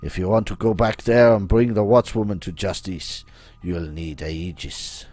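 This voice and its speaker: A man doing a scheming male hacker with a heavy French accent and a low voice, grand and theatrical. He speaks of himself in the third person. The voice is dry and close, with no room sound. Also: steady tone, measured pace, darkish tone, no room sound. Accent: French (put on).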